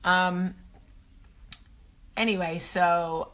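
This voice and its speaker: Jersey-accent woman hosting a morning vlog, deep voice, slow and rambly, jokes at herself. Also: fairly even intonation, fairly bright tone. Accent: New Jersey. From New Jersey. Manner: chatty, rambling, self-deprecating. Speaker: vlog host. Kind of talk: casual morning chat to camera.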